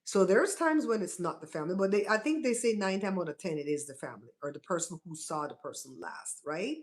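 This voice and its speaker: A woman's voice: lowish voice, expressive, a little fast. Chatty woman hosting a live stream. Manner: chatty, talks straight to her chat with many "right?" asides. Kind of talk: casual live-stream chat.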